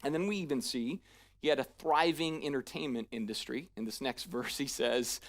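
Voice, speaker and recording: Pastor preaching in church, mid pitch, chatty, keeps saying "right?" and acting stuff out. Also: moderate pace. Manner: conversational, often checking in with "right?"; acts out paraphrased lines in a lively, casual voice. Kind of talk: sermon.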